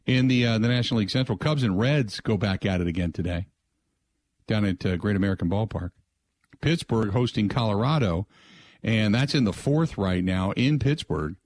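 An older man with a fairly low, slightly mellow voice hosts a sports talk radio show from a radio studio, rambling in a loose, conversational way and repeating the call-in number. He's on a close studio mic with no room sound.

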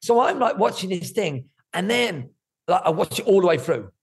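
A middle-aged man, talking candidly about his life in an interview, animated and swearing freely. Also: high voice, normal speed, creaky, husky. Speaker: guest.

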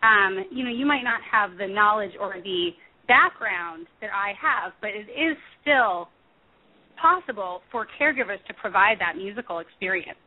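A woman, a music therapist, talking earnestly in an interview, pausing with frequent ums and restarts. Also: mid-range voice, lively intonation. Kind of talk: conversational interview over the phone. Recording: tinny phone line.

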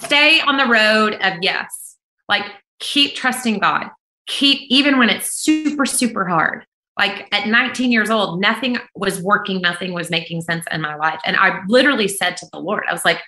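A woman worship singer, a guest on a remote call, sharing her faith in an earnest, emphatic, deliberate way. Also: mid-range voice, bright, forceful tone, echoey room, rough recording. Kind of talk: heartfelt faith testimony in conversation.

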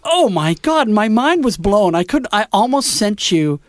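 A man hosting a music radio show, chatting in an animated, joking way. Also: high-pitched, unhurried, no room sound, clean studio sound. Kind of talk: casual chat.

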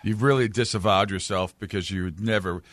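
Emphatic radio co-host, bright voice. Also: male voice, fairly low pitch, normal speed, no echo. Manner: emphatic, argues firmly, reads listener texts. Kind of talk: casual sports radio chat.

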